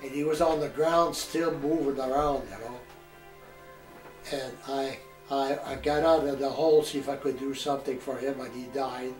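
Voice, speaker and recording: A man's voice: mid-range voice, fairly even intonation, music in the background. Elderly veteran man, echoey distant mic. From New Hampshire, USA. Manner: plain, halting storytelling with restarts. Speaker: war veteran interviewee. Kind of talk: oral history recollection. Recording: echoey room, mic far off, some noise.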